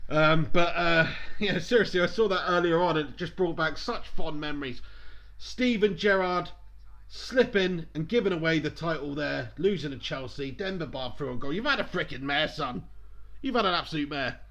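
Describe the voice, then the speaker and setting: Male fan streamer, high-pitched, casual live match commentary, excitable. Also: normal speed. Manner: chatty, excitable, swears at big chances.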